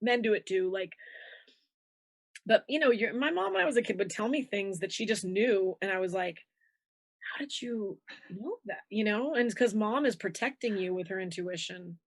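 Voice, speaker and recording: A woman coach talking through ideas in an easy, conversational way. She is animated and slips into quick acted voices as she makes her points. Her sound is dry and close, with no room around it. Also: no room sound. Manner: animated, acts out inner voices with shifting pitch. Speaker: intuition coach, guest. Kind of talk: conversational interview.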